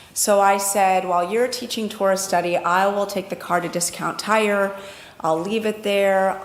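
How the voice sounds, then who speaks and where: A woman tells a personal story to a congregation in a relaxed, conversational way. Her voice sits at an everyday pitch. The room around her is echoey. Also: a little hiss or hum. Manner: warm storytelling, quotes others in dialogue.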